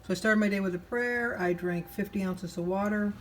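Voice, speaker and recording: A woman's voice: mid-range voice, a little fast, slight background noise. A woman vlogger talking casually to her viewers in a rambling, chatty way. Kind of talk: casual vlog chat.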